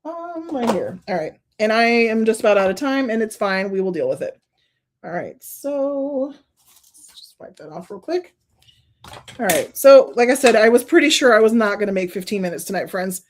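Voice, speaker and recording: A woman with a slightly raised pitch hosts a casual card-making stream. She talks her way through each step, laughing often and gushing openly as she thinks aloud. Her delivery is loose and conversational, full of warm asides. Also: lively intonation, moderate pace, noisy background. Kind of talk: casual crafting demonstration.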